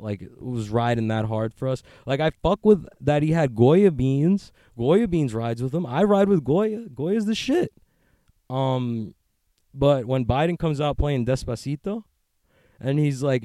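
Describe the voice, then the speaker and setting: A man's voice: mid-range voice, unhurried, warm tone, dry recording. A man hosting a podcast from the street, rambling and joking in a profane, casual way, often working himself up into a rant. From United States. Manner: rambling, profane, joking, gets worked up into ranting. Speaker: podcast host. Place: outdoors on a street.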